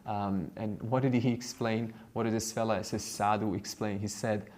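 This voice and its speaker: A man's voice: fairly low pitch, little pitch movement, normal speed, a little mellow, slight background noise. A man who teaches spirituality, telling a story at a seminar in a rambling way with many fillers and chuckles. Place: seminar room.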